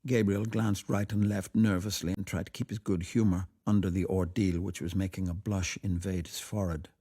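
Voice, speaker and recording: Low, warm-voiced male storyteller. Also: flat delivery, slightly rough. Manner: measured, quiet storytelling. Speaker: actor reading a story. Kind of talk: audiobook reading for radio.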